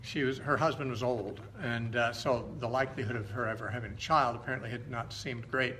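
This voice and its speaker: A middle-aged man retelling Bible stories in an informal teaching style, conversational and halting, often stopping to correct himself. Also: medium pitch, steady tone, pushed and bright, slight background noise.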